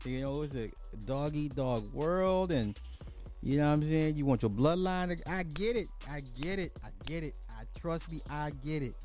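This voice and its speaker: A man hosting a podcast, giving animated, joking commentary and repeating phrases for effect. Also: on the high side, moderate pace, faint music behind. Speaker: podcast host. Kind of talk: casual comedic commentary.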